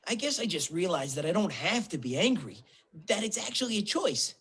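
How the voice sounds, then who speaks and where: A small, hot-headed male cartoon bird talks earnestly about his own anger. His pitch bounces lively up and down. The voice is slightly husky. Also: a little fast, heavily acted. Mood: reflective.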